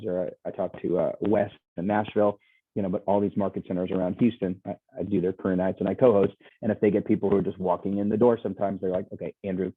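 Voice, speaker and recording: A man's voice: sits low, husky, dry recording. A man giving a casual, enthusiastic sales presentation as a guest speaker, rambling with frequent restarts, heard over a video call. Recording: tinny phone-like video call audio, dry.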